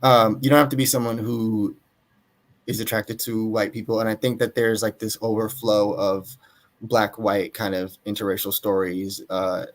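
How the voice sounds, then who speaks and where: A man's voice: lowish voice, little pitch movement, moderate pace. A young man from Atlanta, Georgia, losing his voice, talking thoughtfully in an interview as an author guest, with many fillers and hedges. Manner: thoughtful, hedging, frequent fillers. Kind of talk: casual interview talk.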